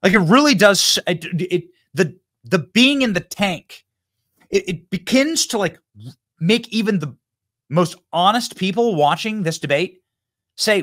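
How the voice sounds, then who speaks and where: Male host in his thirties, heated commentary monologue, a slightly high voice that swings widely in pitch. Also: lively intonation, measured pace, fairly bright tone. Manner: emphatic and heated, with sudden outbursts. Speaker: show host.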